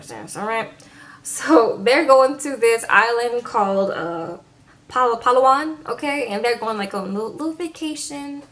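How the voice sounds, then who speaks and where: A woman's voice: high voice, fairly bright tone. A woman giving a casual, sassy recap of a reality show, retelling scenes with playful asides to her viewers.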